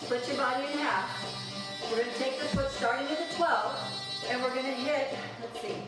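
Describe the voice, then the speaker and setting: A woman's voice: sits high, normal speed. A woman teaching a live belly dance class, counting beats aloud and cueing each move with encouragement. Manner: encouraging and upbeat. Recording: very echoey room, mic far off. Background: music playing.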